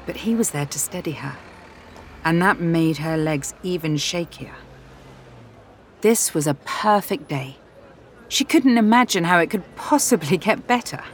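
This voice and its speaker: A woman narrating an audiobook in a steady, expressive reading voice. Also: lowish voice, a little slow, long pauses, a little hiss or hum.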